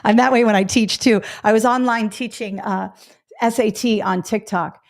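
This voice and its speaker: A woman's voice: mid-range voice, steady tone, normal speed. A woman from the Northeastern US teaching a live test prep webinar, talking bluntly and directly with chatty asides to her viewers.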